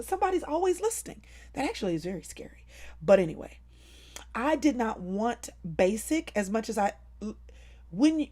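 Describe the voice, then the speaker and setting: A woman hosting a casual live stream from home, talking to viewers in an animated, playful, over-the-top way. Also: medium pitch.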